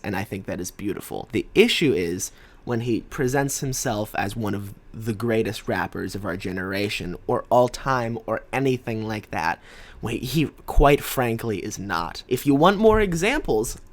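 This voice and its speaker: A young man giving an opinionated, argumentative commentary on rap lyrics and quoting lines as he goes. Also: mid-range voice. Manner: animated and argumentative, quotes lyrics. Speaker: music commentator.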